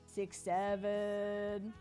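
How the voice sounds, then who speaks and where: A woman's voice: mid-range voice, completely flat delivery, very slow, mellow, soft background music. A woman streaming, chatting casually with viewers in a bubbly, playful way. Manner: bubbly and playful, talks to chat. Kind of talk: casual sponsored livestream chat.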